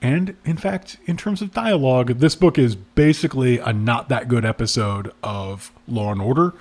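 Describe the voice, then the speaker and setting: A man's voice: mid-range voice, normal speed. A man co-hosting a casual book-review podcast, sarcastic and given to mocking the text. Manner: sarcastic, animated, reads passages aloud mockingly. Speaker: podcast co-host.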